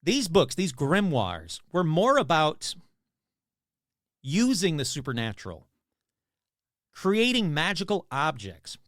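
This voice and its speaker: Animated, chatty male podcast host. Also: a little high, no room sound, clean studio sound. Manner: chatty, rambling, self-deprecating. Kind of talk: casual podcast monologue.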